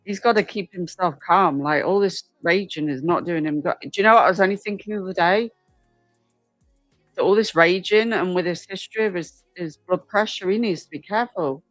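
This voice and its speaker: A woman's voice: fairly low pitch, brisk, dry recording, faint music behind. Chatty woman hosting a livestream. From United Kingdom. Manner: chatty, reacts aloud to viewer comments. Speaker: livestream host. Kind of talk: casual livestream chat.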